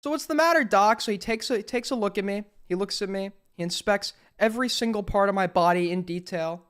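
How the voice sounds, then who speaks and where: A man hosting a live stream, telling jokes to his chat with slow, deadpan buildups and asking whether they landed. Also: high voice, smooth. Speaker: streamer host. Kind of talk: casual stream joke-telling.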